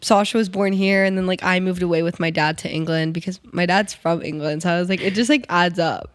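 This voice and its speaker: A woman's voice: on the low side, fairly even intonation, fairly quick, dry recording. A young adult woman co-hosting a podcast, chatting casually and giggling a lot. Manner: giggly, chatty, full of "like" fillers. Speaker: podcast co-host. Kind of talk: casual chat.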